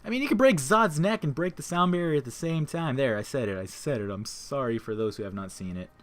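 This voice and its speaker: A young man talking casually and excitedly while playing a game, rambling and repeating himself. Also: mid-range voice, fairly quick. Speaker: gaming YouTuber. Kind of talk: casual excited monologue over gameplay.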